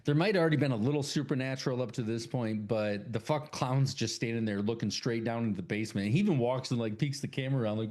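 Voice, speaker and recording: Excitable man retelling a horror film. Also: medium pitch, quick pace, hardly any pauses. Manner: excited retelling, heavy swearing, acts out characters' lines. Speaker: podcast co-host. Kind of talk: casual chat.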